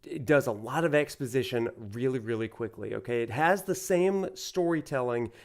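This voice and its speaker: A man's voice: mid-range voice, moderate pace. Casting: a Southern US man, a professor lecturing over gameplay, chatty and rambling, with a mid-range voice. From Alabama, USA. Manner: animated, rambling and full of fillers. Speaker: university professor.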